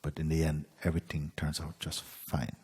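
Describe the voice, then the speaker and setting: Husky deep-voiced male teacher, unhurried storyteller. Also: monotone, big-room sound. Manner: unhurried, with soft asides and light laughs. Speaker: spiritual teacher. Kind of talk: storytelling talk.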